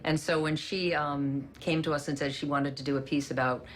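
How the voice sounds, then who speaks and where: Very low-voiced woman, hesitant. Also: steady tone, moderate pace, slight background noise. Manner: hesitant, thoughtful. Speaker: TV journalist, interview guest. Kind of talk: reflective interview answer.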